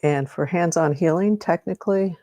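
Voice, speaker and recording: A woman's voice: on the low side, moderate pace, dark tone, no echo. A middle-aged woman hosting a live-streamed energy healing meditation, rambling and correcting herself as she guides listeners and greets viewers by name.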